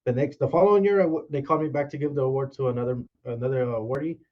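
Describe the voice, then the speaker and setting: A man's voice: mid-range voice, racing, a little hiss or hum. A man, a podcast guest, telling his life story casually and acting out quoted dialogue as he goes. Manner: animated retelling with quoted dialogue. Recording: dull, lo-fi sound.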